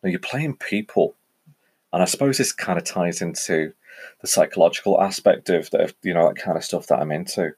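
A man with a very low voice and a Northwest English accent mixing Cheshire and Welsh-border tones. He talks through a casual solo podcast in a chatty, meandering way, often stopping to correct himself. He sounds middle-aged. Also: a little fast, darkish tone, husky. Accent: Northwest English, Cheshire and Welsh-border mix. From England. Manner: rambling, chatty, frequent self-corrections. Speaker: podcast host.

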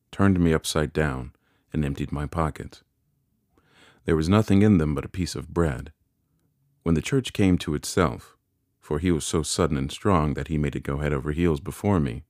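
A man reads a classic novel aloud in an unusually deep, low voice with a measured, deliberate delivery. The recording is dry and close to the mic, with no room sound at all. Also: darkish tone, no room sound. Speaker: audiobook narrator. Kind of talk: scripted narration of a classic novel.

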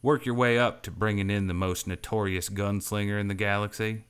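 A man voicing a swaggering woman outlaw leader who talks in a slow, teasing frontier drawl. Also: fairly low pitch, steady tone, fairly bright tone, clear, resonant tone, close to an everyday voice. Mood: amused.

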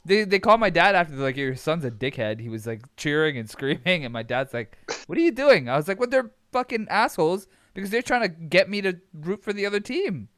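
A young man from Abu Dhabi tells a lively, expletive-laden story in casual podcast chat. His voice is smooth and resonant, and his pitch leaps up when he gets carried away. The recording is dry and close. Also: brisk, few pauses, no echo. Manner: animated, swearing, laughs while telling stories.

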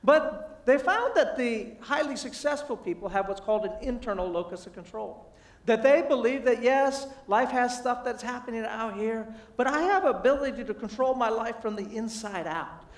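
Man, very high voice, animated, self-deprecating storyteller, heard from a distance. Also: normal speed. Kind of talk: humorous motivational sermon with storytelling. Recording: echoey, distant mic in a large room.

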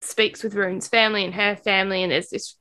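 A woman co-hosting a book podcast, recapping the plot in a casual, animated way and acting out the characters' lines. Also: medium pitch, brisk, clear, resonant tone. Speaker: podcast co-host.

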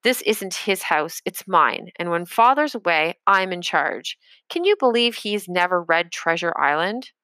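A woman's voice: lowish voice, animated, unhurried, sharp tone, dry recording. A woman reading aloud, voicing an eager, earnest young boy. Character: young boy, curious and well-meaning.

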